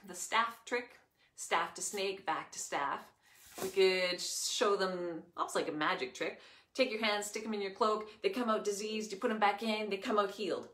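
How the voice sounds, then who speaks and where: Expressive woman telling a kids' Bible story. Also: medium pitch, roomy sound. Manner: expressive, chatty storytelling with fillers. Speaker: children's church leader.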